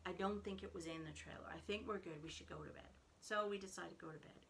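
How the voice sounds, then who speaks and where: A middle-aged woman, hosting a casual podcast and telling a lively story, acting out what each person said. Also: on the low side, fast, slight background noise. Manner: animated storyteller, acts out quoted voices. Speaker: knitting podcast host.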